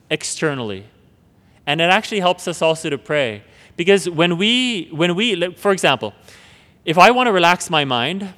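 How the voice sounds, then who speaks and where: A man giving an earnest spoken teaching on prayer, often repeating words and dropping to a hush when reciting prayers. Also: on the high side. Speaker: preacher. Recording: long hall reverb.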